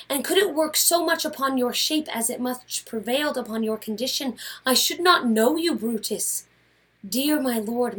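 A woman's voice: sits high, a bit bright, breathy edge, heavily acted. A woman playing Portia, an earnest and hurt Roman noblewoman, reading a Shakespeare scene with a pleading, insistent delivery.

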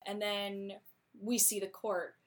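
A woman casually recapping a plot in a chatty, slangy way, with quick laughs. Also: mid-range voice, flat delivery.

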